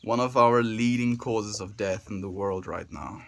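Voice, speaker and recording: A man's voice: lowish voice, fairly even intonation, measured pace, a bit bright. A man livestreaming, chatting casually with his viewers, reading their messages aloud and musing in a reflective way. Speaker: daily livestreamer.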